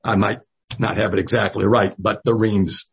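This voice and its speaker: Man, Bible study leader, halting delivery, husky tone, muffled low-fi recording. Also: flat delivery. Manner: slow and halting, with many fillers. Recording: dull lo-fi audio.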